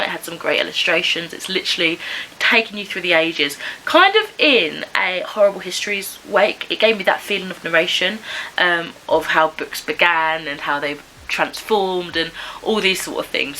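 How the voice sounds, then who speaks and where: A woman's voice: fairly low pitch, pushed and bright, slight background noise, rough recording. A young woman, chatting casually and cheerfully through a monthly book wrap-up with little giggles. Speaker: book vlogger.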